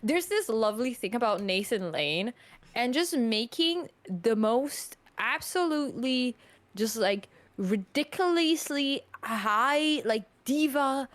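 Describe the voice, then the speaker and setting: Woman podcast guest with a fairly high voice, talking in an animated, rambling way. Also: slow. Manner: animated, rambling, heavy use of "like". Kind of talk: casual podcast chat about films.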